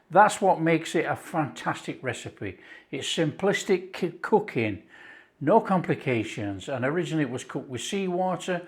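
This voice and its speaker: A man's voice: a little high, fairly bright tone. A man with a Yorkshire accent hosting his own cooking channel, chatting enthusiastically and explaining each step as he cooks. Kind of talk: casual cooking demonstration.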